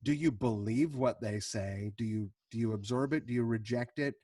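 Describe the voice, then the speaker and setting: A man's voice: medium pitch, moderate pace, dark tone, no echo, recorded from a distance. A man hosting a podcast, asking long rambling questions in a friendly, self-deprecating way. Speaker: podcast host. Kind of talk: casual interview.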